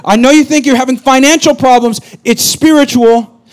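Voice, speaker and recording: A middle-aged man preaching a sermon as pastor, a lively storyteller who repeats his punchlines and jokes with the congregation. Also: extremely high pitch, fast talker.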